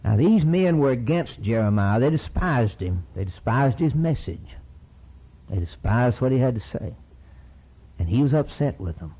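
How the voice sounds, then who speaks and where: A man's voice: mid-range voice, sing-song, normal speed, slightly rough, highs cut off. A man preaching a sermon with impassioned delivery, reading scripture aloud and voicing a prophet's prayer.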